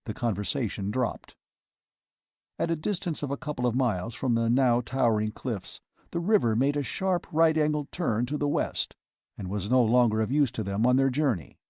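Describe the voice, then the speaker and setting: Mellow male audiobook narrator. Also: mid-range voice, animated, normal speed, no room sound, clean studio sound. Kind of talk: scripted narration.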